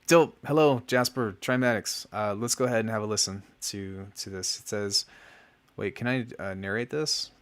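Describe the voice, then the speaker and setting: On his livestream, a young music producer gives friendly feedback on music in a casual chat full of fillers. His voice is lowish and smooth, and he keeps a moderate pace.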